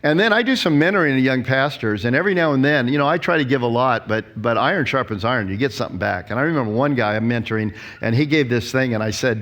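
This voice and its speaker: An older pastor in his sixties giving a conference talk. He tells stories in an animated, lively way and acts out what people said. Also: mid-range voice, fast talker. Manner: storytelling, animated, acts out quotes.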